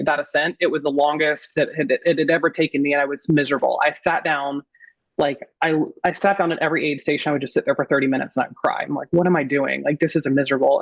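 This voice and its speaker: A woman panelist telling a personal story in casual talk, animated and acting out what others said. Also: sits low, creaky, no echo. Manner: animated, acts out quotes of others. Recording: dull lo-fi audio.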